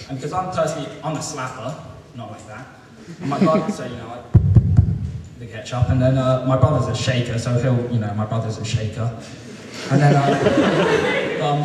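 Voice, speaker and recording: A man's voice: mid-range voice, a little mellow. Young man doing rambling stand-up. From London. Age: young adult. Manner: self-deprecating, rambling, lots of ums and restarts. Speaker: student stand-up comedian. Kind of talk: stand-up comedy set. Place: live comedy venue with audience. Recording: echoey hall, mic from far off, audible noise.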